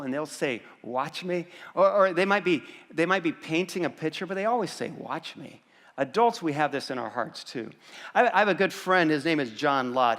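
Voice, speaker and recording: A man's voice: fairly high pitch, fairly bright tone, in a large hall. A male pastor preaching a sermon to a congregation in a conversational way, asking the audience rhetorical questions and often repeating words as he restarts. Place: church auditorium before a congregation.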